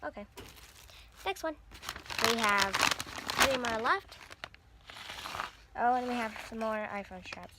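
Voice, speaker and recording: Young girl vlogging squishy unboxing, kinda high voice, gushy and breathy. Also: animated, slow, long pauses, heavy background noise. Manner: gushing, breathy squeals over cute toys. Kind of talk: casual unboxing chat.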